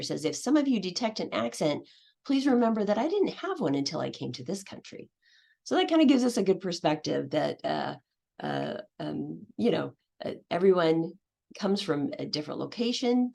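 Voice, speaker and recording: A middle-aged woman teacher gives a conference talk, her low voice carrying a gravelly edge of vocal fry. She talks hesitantly, filling pauses with ums and starting phrases over. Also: darkish tone. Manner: hesitant, many fillers and restarts. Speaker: English language teacher. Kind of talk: conference presentation.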